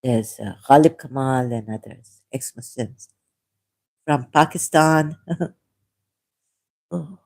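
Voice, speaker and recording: An ex-Muslim vlogger, not a native English speaker, reads an article aloud and rambles in commentary, hesitating, correcting herself, and laughing softly often. Her medium-pitched, darkish voice is slow and creaky with frequent pauses, still sore from a recent cough.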